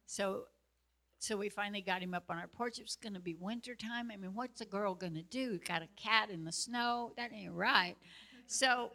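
A woman telling a story casually to a group, animated and chatty, laughing easily. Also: mid-range voice, moderate pace.

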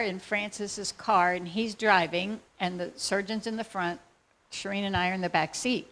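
Woman with a gravelly, fry-tinged voice. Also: mid-range voice. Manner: lively, excitable storytelling. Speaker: speaker sharing a faith testimony. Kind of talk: storytelling testimony.

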